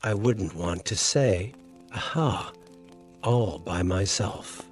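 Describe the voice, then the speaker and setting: A man's voice: low-pitched, takes it slowly, faint music behind. A man voicing a small, timid male piglet who speaks hesitantly.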